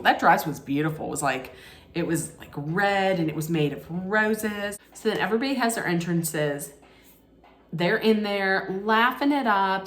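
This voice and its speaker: A woman recapping a reality show in a casual, sarcastic way, laughing at her own jokes. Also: on the low side. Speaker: recap vlogger. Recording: echoey room.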